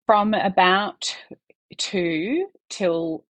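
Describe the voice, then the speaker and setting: A woman's voice: medium pitch, extremely slow, no echo. A woman, a podcast guest talking candidly in earnest bursts with some restarts.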